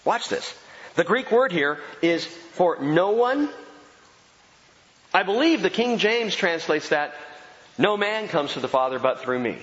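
A man preaching a sermon as pastor, emphatic and animated, repeating key phrases for effect. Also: high-pitched, unhurried, long pauses. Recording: dull sound with long hall reverb.

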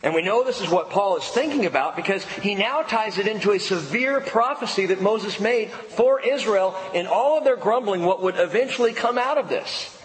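A man's voice: sits high, lively intonation, normal speed, few pauses, a little hiss or hum. A male pastor preaching a sermon in an emphatic style, fond of rhetorical questions. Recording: echoey hall, faint ambience.

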